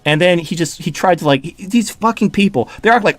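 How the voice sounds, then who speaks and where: A man hosting a casual talk show, ranting with heat and a steady stream of profanity. His voice sits a little high for a man. It is recorded close and dry, with no room sound. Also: brisk, hardly any pauses, no echo. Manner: heated, profane and sarcastic. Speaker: podcast host.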